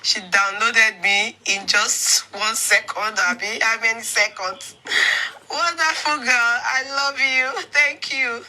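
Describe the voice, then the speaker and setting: Woman, slow, very bright, effusive, emotional. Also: on the high side, poor audio. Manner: emotional, effusive, blessing and thanking.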